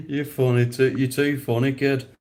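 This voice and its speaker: A man's voice: medium pitch, flat delivery, normal speed, a little mellow. A man chatting casually on a live stream, answering viewers, rambling and often breaking into laughter.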